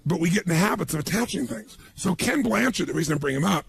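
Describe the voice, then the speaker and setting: A man giving a motivational seminar talk, telling stories to an audience in an animated way and acting out the people he quotes. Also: high voice, fast talker, creaky, slight background noise. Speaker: motivational speaker.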